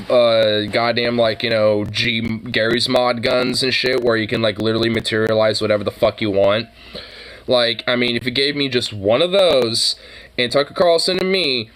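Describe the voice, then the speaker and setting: A man's voice: mid-range voice, fairly bright tone, clean tone, rough recording. A man in the middle of his range streaming and reacting to clips talks loosely and profanely. He piles up fillers and restarts as he rambles. The tone is offhand commentary.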